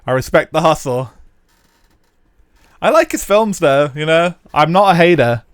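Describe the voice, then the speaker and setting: A man's voice: a little high, expressive, measured pace, smooth, no echo. Casual swearing young male streamer. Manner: casual, swearing, rambling with fillers. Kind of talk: live gameplay commentary and chat.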